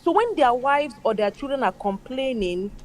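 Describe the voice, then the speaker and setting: A woman's voice: high-pitched, lively intonation, moderate pace, faint music behind. A woman speaking emphatically in casual chat, mimicking other people's voices as she makes her points. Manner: emphatic, acts out quoted people.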